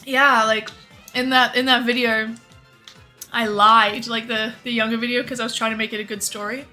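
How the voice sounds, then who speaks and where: A woman's voice: on the high side, level tone, moderate pace, sharp tone, faint music behind. A young woman streamer in candid, rambling casual chat, swearing freely. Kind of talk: casual chat while cooking and gaming.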